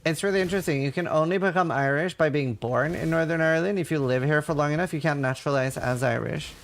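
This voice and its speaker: A man in his thirties from Norway, streaming a game and chatting loosely with his viewers. His voice is gravelly and sits a little high, and he reads their questions aloud and swears in passing. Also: quick pace. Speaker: livestreamer. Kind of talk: casual chat with viewers while gaming.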